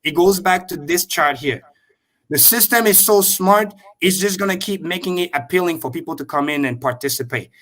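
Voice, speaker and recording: A man on a video call explaining crypto with excitable, profane energy and repeating key points slowly for emphasis. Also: on the high side. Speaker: crypto show guest. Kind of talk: animated livestream explanation.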